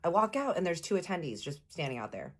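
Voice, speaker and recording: A young woman from Texas telling a personal story in a casual vlog, animated, playful and slangy. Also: on the low side, fast, husky.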